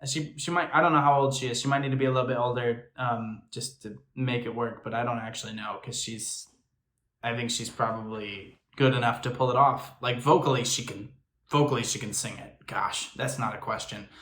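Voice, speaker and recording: A man's voice: mid-range voice, steady tone, a little fast, fairly bright tone. A man hosting a reaction video, giving enthusiastic, analytical commentary on singing technique. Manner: analytical, breaks down and imitates singing. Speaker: reaction video host, actor and filmmaker. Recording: echoey room.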